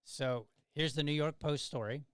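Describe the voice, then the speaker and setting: A man's voice: a little high, moderate pace, clean tone, no room sound, studio quality. A man hosting a casual commentary podcast, talking in a sarcastic, wry way with chatty asides to his listeners. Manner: talkative, conversational asides. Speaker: podcast host.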